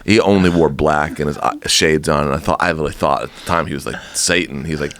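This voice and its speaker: A man, a podcast guest, telling a story in casual chat, animated and laughing, swearing and acting out quotes. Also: extremely low pitch, a little fast.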